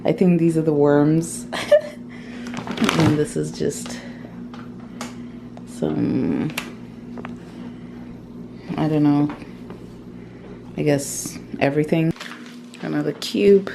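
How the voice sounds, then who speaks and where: A woman with a deep, low voice talks her way through a home vlog at an easy, unhurried pace. She rambles casually, leaning on fillers as she thinks aloud. Clear background noise from the home sits under her voice. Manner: chatty, rambling with frequent "like". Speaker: vlogger. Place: at home, indoors.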